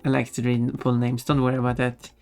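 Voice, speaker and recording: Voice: mid-range voice, completely flat delivery, fast, darkish tone. A livestreamer chatting casually with viewers, musing aloud and laughing often. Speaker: livestreamer reading chat. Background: faint background music.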